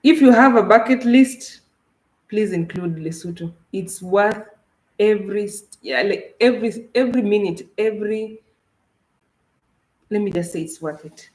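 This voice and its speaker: A woman's voice: mid-range voice, unhurried, darkish tone, roomy sound, low-quality recording. A woman from Kenya, a travel vlogger, chatting casually and animatedly with her co-host about her trip, with frequent restarts. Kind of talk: casual livestream chat.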